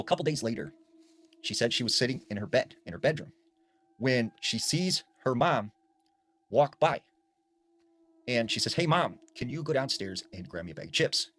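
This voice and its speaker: A man's voice: on the low side, fairly bright tone. A man casually telling a scary story, slipping into the voices of the people in it as he talks. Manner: conversational, acts out the quoted lines.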